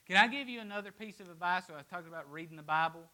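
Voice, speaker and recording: A man preaches a sermon with a bright, slightly high voice. He swings between loud, emphatic declarations and hushed, almost whispered lines. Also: rapid-fire.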